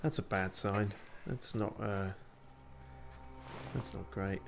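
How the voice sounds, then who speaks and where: Low gravelly man, sweary game commentary. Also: fairly even intonation, takes it slowly, over music. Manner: sweary, rambling, self-mocking. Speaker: let's play streamer. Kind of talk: casual gameplay commentary.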